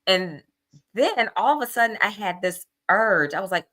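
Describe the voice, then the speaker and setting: A woman's voice: mid-range voice, expressive, moderate pace, bright, forceful tone. A middle-aged woman casually telling an anecdote, animatedly acting out her own quoted thoughts. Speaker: guest storyteller.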